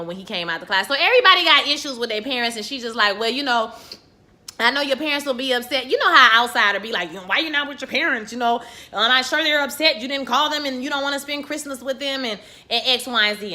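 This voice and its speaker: Woman, TV recap vlogger, sassy, swears freely, slightly high voice, bright tone. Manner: sassy, profane, animated storytelling with quoted voices. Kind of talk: casual TV episode recap.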